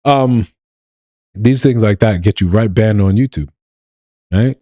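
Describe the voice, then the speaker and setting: A man's voice: fairly low pitch, unhurried, mellow, no room sound. A man from New York hosting a casual live stream, talking loosely to his chat with laughs and restarts.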